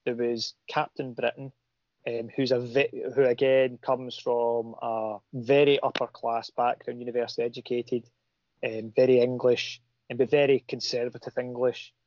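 A man's voice: mid-range voice, level tone, moderate pace, darkish tone, no room sound. A middle-aged man, a comic creator talking casually in a rambling way, full of restarts and fillers. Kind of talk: casual chat. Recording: dull lo-fi audio.

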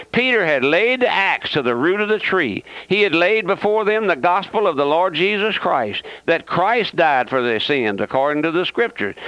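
A man delivering a fervent radio sermon in a fairly high voice, repeating phrases and hammering listeners with rhetorical questions. His folksy, sarcastic address comes through a dry, muffled lo-fi radio recording with no room sound. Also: fairly bright tone, dry recording. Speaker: radio preacher.

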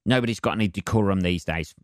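A podcast host, a man, runs a solo show as a loose, rambling monologue, talking quickly in a low, smooth, clean voice. He swears freely, trails off into fillers and stays sardonic throughout, in a dry, studio-quality recording.

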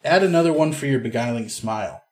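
A man acting as game master in a tabletop role-play, relaxed and halting, with many fillers. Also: medium pitch. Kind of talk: narrating and voicing characters in a tabletop game.

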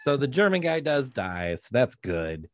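A man's voice: medium pitch, very animated, measured pace. A man co-hosting a podcast, chatting casually about a movie in a rambling, sardonic way. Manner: rambling, self-interrupting, sardonic. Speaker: podcast co-host. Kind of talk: casual movie review chat.

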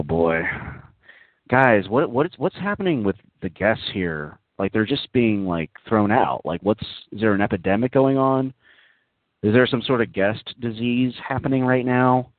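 A man's voice: fairly low pitch, no echo. A man hosting a casual online radio talk show, rambling in a mock-serious way with many fillers, heard as tinny, phone-like audio. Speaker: host.

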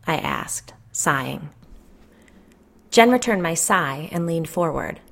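A woman narrating a first-person story in a quiet, understated way. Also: low voice, animated, slow pace, vocal fry, long pauses.

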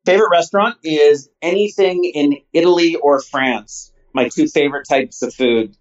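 A man's voice: on the high side, moderate pace. Earnest male guest on dull audio. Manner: earnest, animated storyteller. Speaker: guest, company founder. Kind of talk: casual interview chat. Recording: slightly dull lo-fi sound.

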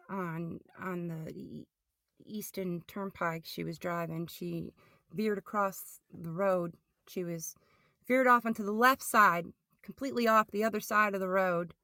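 A middle-aged woman telling her personal testimony as a podcast guest, halting and often restarting or repeating words. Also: medium pitch, pushed and bright, dry recording, studio quality.

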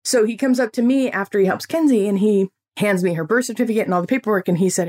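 A woman in her forties hosting a podcast, telling an everyday story in a lively way and acting out what people said. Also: mid-range voice, quick pace, hardly any pauses. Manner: animated storytelling, acting out quotes. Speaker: podcast host.

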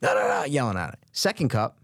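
A young man co-hosting a podcast, telling stories in a casual, animated way and swearing freely. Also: medium pitch, fast, creaky, no echo, studio quality. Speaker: podcast co-host. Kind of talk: casual chat.

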